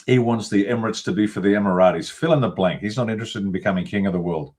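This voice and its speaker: A man speaks in a fairly low voice, blunt and emphatic, reeling off long lists as he makes his case. He is a guest in a political interview, talking over a video call. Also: racing, a little mellow. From Australia. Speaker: guest commentator.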